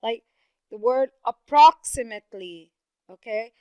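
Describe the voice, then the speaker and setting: Woman teacher, slow and deliberate, clear smooth tone, slightly high voice, leans on stressed syllables. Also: no room sound. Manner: slow, carefully stressed words, often repeats. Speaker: English teacher. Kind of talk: pronunciation lesson.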